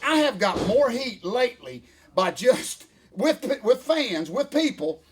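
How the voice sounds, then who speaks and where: An older man, ranting in a folksy, animated way as co-host of a casual chat. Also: very high-pitched, slow, a little hiss or hum. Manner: folksy, animated rant with Southern phrasing.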